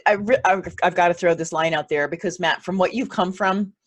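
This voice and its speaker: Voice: medium pitch, a little fast. An interview host talking in a casual chat, gushing with praise and stammering through restarts and false starts. The delivery stays enthusiastic throughout.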